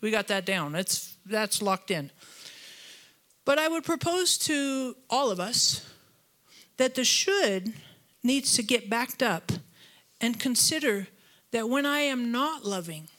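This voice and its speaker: A woman preaching a church sermon, telling stories with lively, self-deprecating humor. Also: a little high, takes it slowly, pauses often. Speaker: guest preacher. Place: church auditorium.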